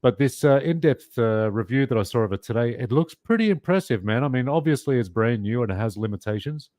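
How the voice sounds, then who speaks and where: A man in casual chat, relaxed and easygoing, chiming in with his own views. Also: medium pitch, a little fast, no room sound, clean studio sound.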